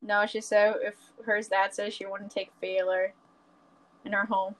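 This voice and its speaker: A woman's voice: mid-range voice, flat delivery, measured pace. A teenage girl as a guest in a casual chat, blunt and teasing.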